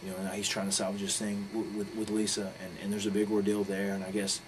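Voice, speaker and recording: A man's voice: on the low side, quick pace. A man giving a candid interview, telling a story in a blunt, profane, rambling way. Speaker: interview guest, pro wrestler. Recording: steady background noise.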